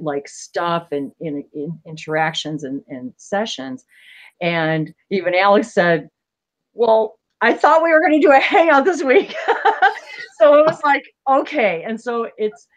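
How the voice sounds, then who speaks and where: Hosting a spiritual livestream, a low-voiced woman talks casually with earnest emotion. She rambles, stopping and restarting often.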